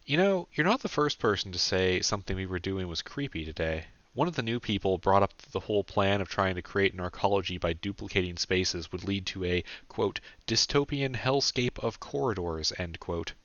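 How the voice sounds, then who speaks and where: Casting: man reading as a wry young guy, casual and joking, deep and dry. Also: expressive, moderate pace, few pauses, a bit bright, no room sound, dull audio. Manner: joking, offhand.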